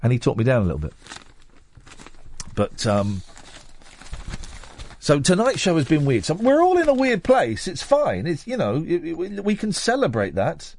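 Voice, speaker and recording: Rambling, self-mocking radio host. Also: male voice, on the high side, wildly swooping pitch, normal speed, long pauses, a little mellow, dry recording. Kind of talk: late-night phone-in chat.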